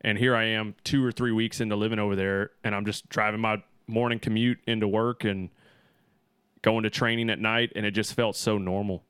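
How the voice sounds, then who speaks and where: A young man telling stories in relaxed casual chat, full of fillers. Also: fairly low pitch, a little fast, clear, resonant tone, no echo, studio quality.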